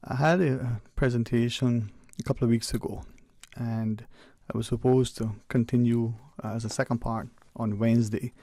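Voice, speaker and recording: A man's voice: medium pitch, steady tone, normal speed, few pauses, mellow, no echo. A man hosting a call-in radio show in an easygoing, chatty way, often restarting his sentences, recorded on a close studio mic. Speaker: radio talk show host. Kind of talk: casual call-in radio chat.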